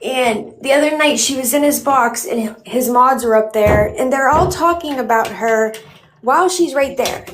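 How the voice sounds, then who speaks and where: A woman's voice: high-pitched, normal speed, a little hiss or hum. A woman speaking as a guest on a livestream, telling a story at length in an indignant, rambling way with many ums. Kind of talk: casual livestream talk.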